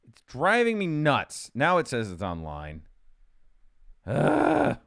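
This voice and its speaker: A man with a smooth, resonant voice chats on a podcast, his pitch moving freely as he reacts and jokes. He fills the air with quick asides, recorded dry and close. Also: huge pitch swings, a bit bright, no room sound. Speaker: podcast co-host. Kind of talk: casual chat.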